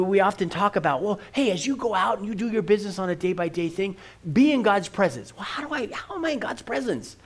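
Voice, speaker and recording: A middle-aged man, a pastor, preaching a sermon in an earnest way and often repeating words as he starts a sentence. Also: high voice. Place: church.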